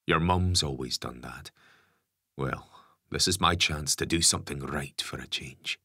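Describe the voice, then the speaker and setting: Narrator doing gruff stubborn dad, real deep, calm and plain, husky. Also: male voice, unhurried, no room sound, studio quality, exaggerated voice. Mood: resigned. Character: stubborn ex-convict father, gruff and resigned.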